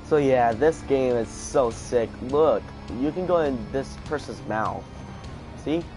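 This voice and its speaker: A man giving casual let's play commentary, panicking out loud and repeating his exclamations. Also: mid-range voice, takes it slowly, faint music behind. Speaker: gaming video host.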